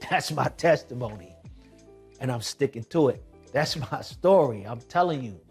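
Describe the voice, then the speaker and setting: A man's voice: medium pitch, animated, moderate pace, soft background music. A man who is a kidney transplant recipient, telling his personal testimony in an emphatic, conversational way with slang asides.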